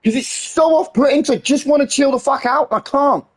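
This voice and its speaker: A man's voice: very high voice, fairly quick. A man streaming a game, ranting in an exasperated, heavily sweary way. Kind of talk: casual live-stream rant.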